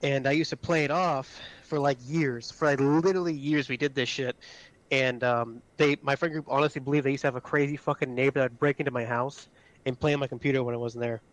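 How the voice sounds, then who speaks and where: Fast-talking, profane storytelling man. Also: medium pitch, fairly even intonation. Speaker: squad teammate. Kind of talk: casual chat while playing.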